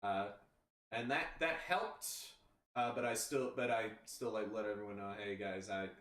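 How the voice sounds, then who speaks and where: Medium in pitch and fairly bright, this podcast host's voice moves with lively intonation at a moderate pace. He's casually chatting, winding through a story full of restarts and "you know," recorded from a distance in a roomy space with faint noise behind.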